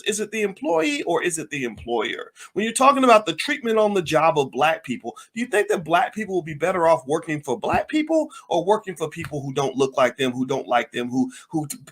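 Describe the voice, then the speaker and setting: A man's voice: mid-range voice, fairly bright tone. A man giving impassioned political commentary, firing off angry rhetorical questions.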